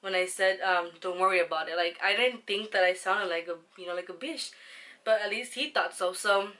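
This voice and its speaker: Bright-voiced young woman telling a story. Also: mid-range voice, normal speed. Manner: chatty, rambling, slangy with swearing. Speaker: vlogger. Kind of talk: casual storytime chat.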